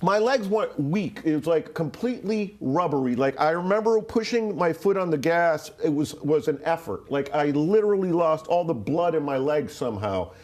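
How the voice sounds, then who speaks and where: A man's voice: a little high, lively intonation, normal speed, hardly any pauses, darkish tone. A man in his sixties from Rhode Island, telling a personal story as an interview guest in a rambling way, full of "like", restarts and swearing. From Rhode Island, USA. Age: 60s.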